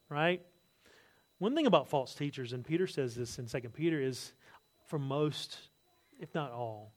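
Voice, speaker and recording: A man preaching a sermon, telling stories with lively asides and jokes, acting out other people's words. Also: on the high side, a little fast. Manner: animated storytelling, acts out quotes, asides and jokes. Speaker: pastor.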